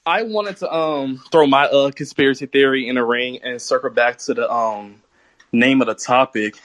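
A young man calling in to a live stream for the first time, nervous and halting, with many ums. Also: mid-range voice, fairly bright tone, no echo. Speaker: caller. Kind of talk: casual call-in talk.

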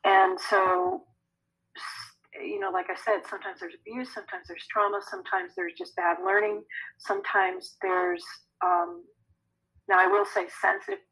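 A woman who works as an energy healer, answering podcast interview questions in a chatty, animated way. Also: medium pitch, moderate pace, husky, low-quality recording. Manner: animated, conversational, laughs often.

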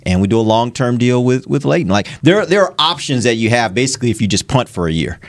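A man hosting a casual sports podcast, lively as he puts questions to the panel. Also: mid-range voice, fast, no echo. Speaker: podcast host.

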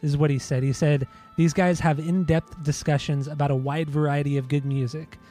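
Mellow-voiced podcast host, rambling. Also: male voice, on the high side, fairly even intonation, fairly quick, faint music behind. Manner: rambling, self-mocking, swears. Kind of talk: casual podcast chat.

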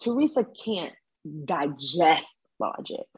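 A woman's voice: sits low, very animated, takes it slowly, breathy edge, rough recording. A woman guesting on a podcast, chatting casually in a blunt, sassy way and often acting out what others said. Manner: sassy, blunt, quotes people in mock voices. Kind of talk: casual chat.

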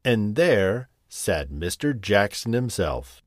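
A man narrating a children's storybook, expressive and playful, acting out each character. His voice sits on the low side and moves through a wide, lively range. The recording is close and dry. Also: slow, dry recording. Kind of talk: storybook read-aloud.

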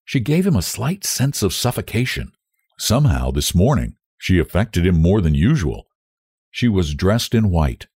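A man reading a novel aloud in measured, expressive storytelling. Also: low voice, breathy edge, dry recording, clean studio sound. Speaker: audiobook narrator. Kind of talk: scripted narration of a novel.

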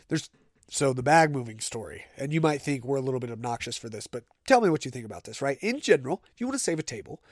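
A man's voice: medium pitch, no room sound, studio quality. A man hosting a casual solo podcast, telling stories in a chatty, conversational way. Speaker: podcast host.

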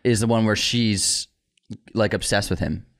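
A man's voice: lowish voice, fairly even intonation, a bit bright. A man co-hosting a movie news show, chatty and opinionated, joking with his co-host. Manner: chatty, opinionated, quick to joke. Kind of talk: casual chat.

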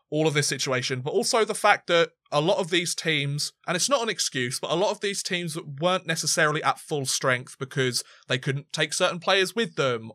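A sports podcast co-host with a mid-range voice and a bright, forceful tone chats casually and rambles, often restarting and using fillers. The studio sound is clean with no room sound.

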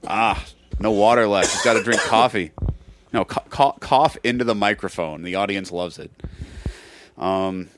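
A man's voice: fairly low pitch, normal speed, a little hiss or hum. A man co-hosting a casual comedy podcast, telling a rambling story and acting out what people said. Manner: rambling storyteller, restarts and acts out quotes. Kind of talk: casual chat.

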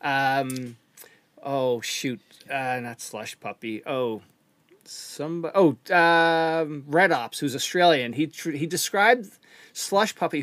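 A man from Connecticut hosts a casual podcast interview in an animated, up-and-down voice. The sound is dry and close, and he keeps things upbeat with quick encouraging replies. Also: a little high, dry recording. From Connecticut, United States. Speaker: podcast host.

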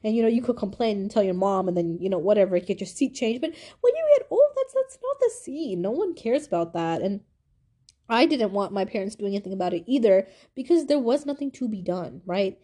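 Animated young woman, mellow voice. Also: a little fast. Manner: animated, confiding, swings from high to low. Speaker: podcast host. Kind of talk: personal storytelling monologue.

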